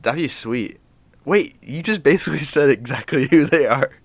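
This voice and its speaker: A man's voice: medium pitch, normal speed, dry recording. A man co-hosting a podcast in casual chat, laid-back and rambling. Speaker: podcast co-host.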